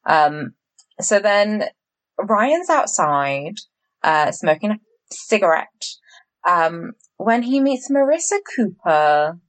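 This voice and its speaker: A woman's voice: medium pitch, sing-song, slow. A young woman co-hosting a podcast, chatting casually and swearing as she recaps a TV show. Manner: chatty, swearing, heavy use of 'like'. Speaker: podcast co-host.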